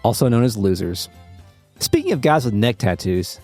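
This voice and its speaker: A man's voice: on the low side, moderate pace, soft background music. A man co-hosting a podcast, chatting casually, joking and swearing, and reading game dialogue aloud. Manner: swearing, jokey, animated when reading lines. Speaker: podcast co-host.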